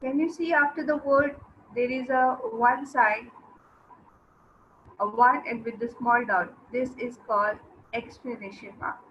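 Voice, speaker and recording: Slow, patient woman teacher. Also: fairly high pitch, steady tone, fairly bright tone. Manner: explains slowly, repeats words, asks the class questions. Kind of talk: online class lesson. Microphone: video lesson mic. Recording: dull lo-fi with faint noise.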